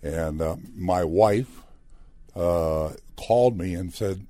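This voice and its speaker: Deep-voiced older man telling old stories. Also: takes it slowly, mellow, no room sound. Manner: chatty anecdotal storyteller who acts out quoted dialogue. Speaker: former player, broadcaster guest. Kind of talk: storytelling interview.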